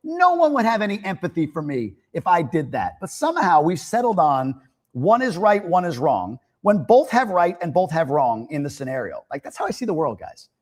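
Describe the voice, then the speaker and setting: A middle-aged man from the United States hosting a livestream, chatting casually and speaking his opinions in an animated way. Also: a little high, normal speed. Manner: animated, opinionated, laughs and rises to near-shouting when joking. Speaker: livestream host. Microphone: streaming mic.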